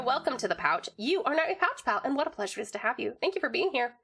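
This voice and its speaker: A woman's voice: high-pitched, big pitch swings, fairly bright tone, soft background music. A young woman from Tasmania, Australia, chatting casually on a livestream, bubbly and giggly as she greets viewers and reads messages from chat. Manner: bubbly, giggly, fast-switching, swears casually. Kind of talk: casual live-stream chat, reading chat messages.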